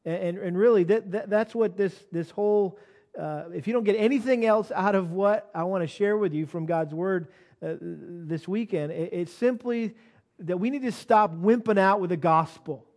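A pastor preaching a sermon, telling a personal story with many restarts and building to emphatic calls to be bold. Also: male voice, high voice, moderate pace, a little mellow.

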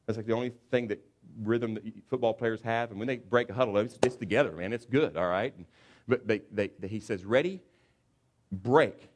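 A man preaching a sermon as pastor, telling a story with animated, acted-out asides. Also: fairly low pitch, brisk. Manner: animated storytelling, acts out football players.

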